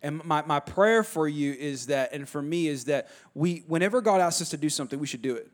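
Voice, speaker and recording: A male pastor, preaching a sermon with animated storytelling and frequent restarts. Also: fairly high pitch, a little fast.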